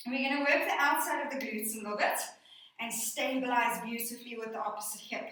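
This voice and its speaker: In a brisk, sharp-toned voice with a fairly high pitch, a woman fitness instructor runs a workout. She cheers people on, counts reps, and cues their breathing, a bit breathless herself. Echoes fill the room, and her voice carries from a distance.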